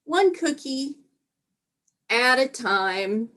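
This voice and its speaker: A woman's voice: high-pitched, animated, drawn-out words, a bit bright, voice pushed up, full character voice. A woman voicing a sly four-year-old girl. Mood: sweet sly.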